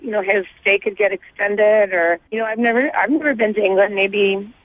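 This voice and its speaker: A woman calls in to a radio show on a tinny phone line. She talks in a chatty, gushing way, full of filler "like"s, at a middling pitch. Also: normal speed. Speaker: radio caller. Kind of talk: casual phone chat.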